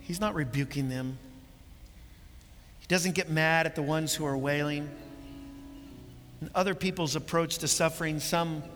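A man preaches with an impassioned, bright, forceful voice that climbs to emphatic peaks and then falls quiet. His words ring out in a large hall with a long reverb, and faint music plays underneath. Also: a little high, a little slow, pauses often. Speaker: pastor. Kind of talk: sermon.

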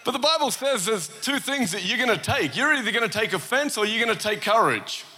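An Australian man preaching a lively sermon, telling a story with asides and humor. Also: high voice, fairly quick. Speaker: pastor. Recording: long church hall reverb.

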